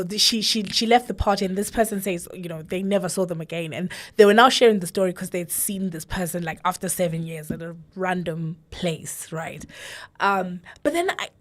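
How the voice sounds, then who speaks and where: A woman from Zimbabwe, co-hosting a podcast, telling a long story in casual chat and checking in with "right?" and "you know". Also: medium pitch. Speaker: podcast co-host.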